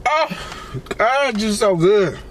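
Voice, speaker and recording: A man with a notably high-pitched voice, talking loosely and excitedly through a meal and a rant. He calls out and exclaims between bites in a chatty vlog manner. Faint noise hums underneath. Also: slow. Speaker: celebrity blogger and vlogger. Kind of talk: casual rant while eating on camera.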